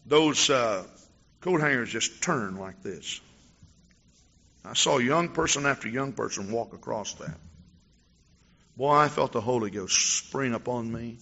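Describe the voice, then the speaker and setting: A male pastor preaching a testimony sermon, telling a story with animated storytelling and acting out the dialogue. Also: mid-range voice, unhurried, gravelly, pauses often, long reverb tail, dull audio.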